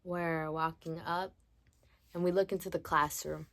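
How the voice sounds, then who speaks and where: A woman's voice: sits low, fairly even intonation, gravelly, fairly bright tone, slight background noise. A teenage girl casually telling a story on her vlog in a chatty, slangy way. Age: teens. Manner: chatty, slangy, drawn-out delivery. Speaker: vlogger.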